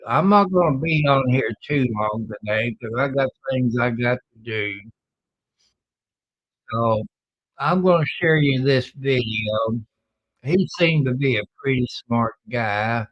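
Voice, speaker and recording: Very slow-talking man, muffled stream audio. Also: mid-range voice, no room sound. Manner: drawling, unhurried, folksy. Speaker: livestream host. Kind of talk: casual livestream chat.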